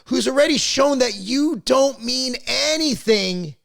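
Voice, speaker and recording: A man's voice: very high voice, expressive, a little slow, vocal fry, a bit bright. A man hosting a podcast, talking bluntly and at length about politics, restarting his sentences and swearing now and then. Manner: opinionated, rambling, blunt with profanity; frequent restarts and repeated words. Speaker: podcast host. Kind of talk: casual political chat.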